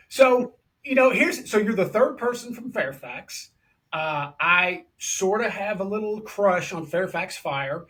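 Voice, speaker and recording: Man, podcast host, enthusiastic, casual, slightly high voice. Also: expressive, a little slow, fairly bright tone. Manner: chatty and enthusiastic, calls guest brother. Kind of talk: casual interview chat.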